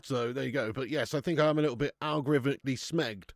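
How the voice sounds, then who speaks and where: Male stream host, middle pitch, slangy jokey banter, dry close sound. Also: fast talker, no echo. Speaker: football watch-along host. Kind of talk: live stream commentary and chat.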